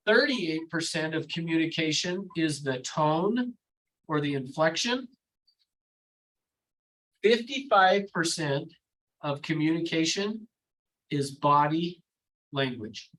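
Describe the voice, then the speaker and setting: A man leading a live sales training, animated and demonstrative, quizzing his audience and acting out phone calls. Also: fairly high pitch, slow pace, pauses often, low-quality recording. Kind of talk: live training session with role-play.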